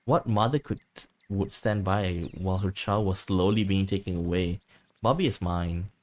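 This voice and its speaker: A man with a deep voice reads, at a moderate pace and lightly acted, the lines of a bitter, possessive mother in a game. She grieves her missing son and lashes out resentfully.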